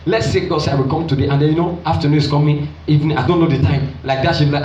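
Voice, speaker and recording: A man's voice: rapid-fire, few pauses, a little hiss or hum. A male pastor, preaching a storytelling sermon and acting out the voices of the people in his story. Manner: animated storyteller acting out voices, jumping high for excited women. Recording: roomy, distant and dull.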